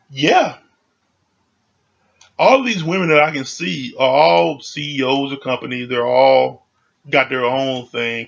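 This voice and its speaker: A man's voice: fairly high pitch, gravelly, fairly bright tone, highs cut off. A man giving a casual, conversational recap of a reality show, full of "you know" and "like".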